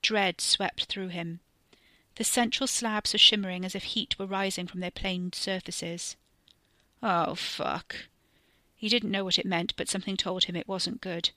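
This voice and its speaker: A woman in scripted narration, reading a horror serial in a measured way that slows for tension. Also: medium pitch, fairly even intonation, sharp tone, no echo. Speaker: podcast storyteller.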